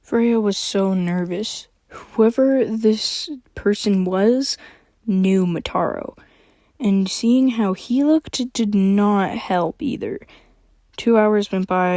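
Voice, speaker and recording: Slow-talking young woman reading her story. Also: medium pitch, a little mellow, no echo. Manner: rambling with fillers. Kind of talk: casual chat and story reading.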